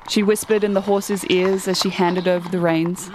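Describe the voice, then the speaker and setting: A woman reading a children's story aloud in a lively way, acting out the characters' lines. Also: medium pitch, normal speed, background noise.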